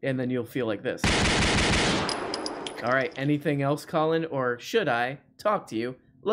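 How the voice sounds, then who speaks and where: A man's voice: mid-range voice, measured pace. A man hosting a casual call-in show, rambling and joking with plenty of fillers. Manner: rambling, jokey, many fillers. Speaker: show host. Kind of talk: casual livestream call-in chat.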